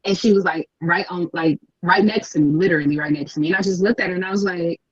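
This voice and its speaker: A woman guest telling a story in an excitable, breathless run-on way during a casual chat. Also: on the low side, quick pace, husky, dry recording. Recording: dull lo-fi audio.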